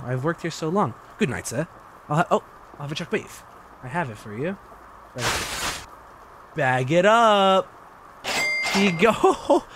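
Excitable young man with a lively voice. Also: fairly high pitch, a little hiss or hum. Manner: excitable, joking, swears freely. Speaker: streamer. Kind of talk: gameplay commentary.

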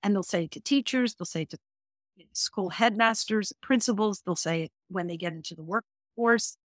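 A woman's voice: medium pitch, moderate pace, no echo, studio quality. A woman speaking as a divorce coach guest on a podcast interview, earnest and emphatic, stacking her points in lists.

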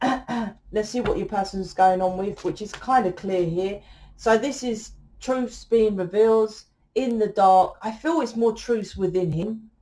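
A woman doing a laid-back tarot reading straight to camera, her voice at an ordinary middle pitch. She is blunt and sweary, and she keeps checking in with her listener with a quick "right?" between points. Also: mellow. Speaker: tarot reader.

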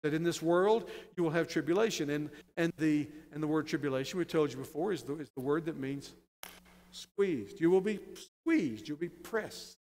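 A man preaching a sermon as pastor, building to loud, emphatic, stressed phrases. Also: on the high side, moderate pace. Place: church sanctuary. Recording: long church reverb.

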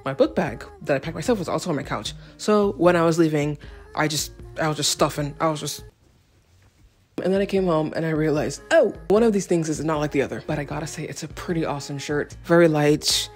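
A woman's voice: deep voice, fairly quick, a little mellow, soft background music. A young woman talking casually through a fashion vlog, rambling and self-deprecating with jokey asides. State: out of breath. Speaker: fashion vlogger.

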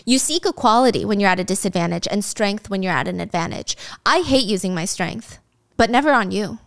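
A woman's voice: medium pitch, expressive, a little fast, gravelly. A woman casually recapping a drama story, chatty and sarcastic, with swearing and laughing asides.

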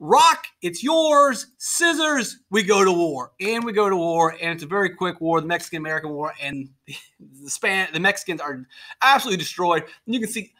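Sarcastic, bright-voiced male history teacher. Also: a little high. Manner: joking, sarcastic, acts out quick voices for historical groups. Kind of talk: classroom lecture.

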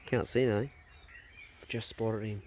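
A man's voice: on the low side, unhurried, slight background noise. A man with a New Zealand accent giving casual, slangy commentary while filming wildlife outdoors on his farm with a handheld camera. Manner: relaxed, laid-back, slangy narrating while filming wildlife. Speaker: farm vlogger. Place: outdoors on a farm by native bush. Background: faint birdsong and outdoor ambience.

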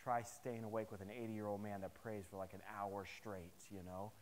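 A man preaching a sermon to his congregation, telling personal stories in an animated, humorous way. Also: fairly low pitch, normal speed, long reverb tail, slight background noise. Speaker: pastor. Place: chapel service.

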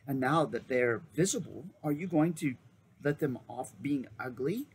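A man's voice: medium pitch, expressive, a little slow, husky, exaggerated voice. A man voicing a curious, polite young girl with light, earnest questions in a storybook reading. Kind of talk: storybook read-aloud.

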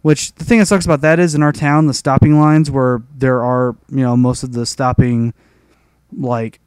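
A man's voice: mid-range voice, level tone, normal speed, darkish tone, smooth, no echo. A young man telling a rambling, profane story in a casual rant over gameplay. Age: young adult. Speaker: gaming commentator.

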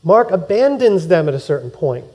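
A male pastor giving a sermon in a church, telling the story in a lively way, acting out quotes and laughing along. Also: a little high, moderate pace.

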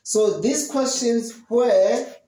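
An English teacher giving an online lesson to young children, slowly repeating and drilling questions and answers. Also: medium pitch, dark tone, reverberant, poor audio.

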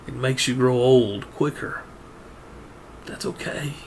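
A man's voice: slow pace, vocal fry, darkish tone. Earnest male preacher with faint hiss. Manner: earnest, repeats words, rises in pitch when stressing points. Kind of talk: sermon.

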